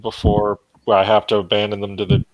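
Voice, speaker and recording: A man's voice: on the low side, completely flat delivery, a little fast, no echo, dull audio. A man playing a tabletop game, talking casually as he plans his character's moves aloud. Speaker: player.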